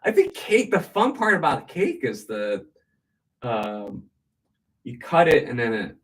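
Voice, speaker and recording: A man's voice: mid-range voice, sing-song, measured pace, recorded from a distance. A man in casual small talk who rambles, hesitates often and laughs. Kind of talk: casual chat.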